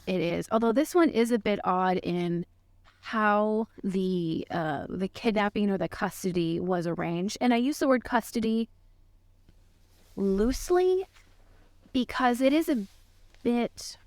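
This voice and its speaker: A woman co-hosting a podcast, telling a made-up case in a mock-serious, deadpan way. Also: mid-range voice, dry recording. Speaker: podcast co-host presenting a case. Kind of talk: casual podcast chat.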